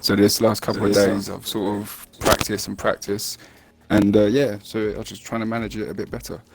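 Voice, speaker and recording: Male race winner, low flat monotone, rambling post-race interview. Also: a little fast, creaky. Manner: rambling, plain and pleased.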